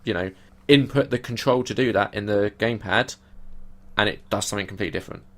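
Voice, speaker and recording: A young man co-hosting a podcast in casual chat, blunt and animated, swearing freely. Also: lowish voice, quick pace. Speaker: podcast co-host.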